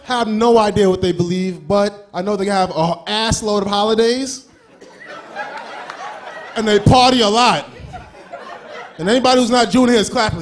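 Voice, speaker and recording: A man performing a stand-up comedy set on a club stage, crude and animated, slipping into quick character voices. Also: high-pitched.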